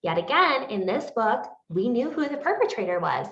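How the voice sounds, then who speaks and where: A woman's voice: on the high side, very animated, normal speed, a bit bright. A woman co-hosting a book podcast, talking in an easygoing, agreeable way and laughing often. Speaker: podcast co-host. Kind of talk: casual book review chat. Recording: roomy, dull lo-fi sound.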